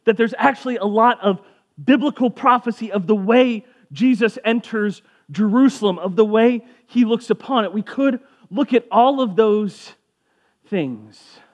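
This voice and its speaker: A man's voice: high-pitched, a little slow. A man giving a casual sermon as a pastor, conversational and jokey, briefly acting out voices of people in the story.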